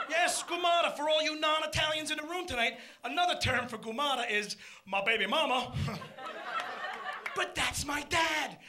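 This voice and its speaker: A middle-aged man doing a live stand-up routine, punchy and loud, shouting his punchlines. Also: extremely high pitch. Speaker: stand-up comedian.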